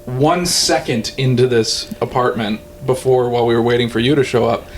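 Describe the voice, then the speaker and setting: A man's voice: medium pitch, fairly even intonation, normal speed. A man co-hosting a podcast in casual chat, easygoing and laughing often, with lots of "like" fillers. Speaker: podcast co-host. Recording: echoey room with loud background noise.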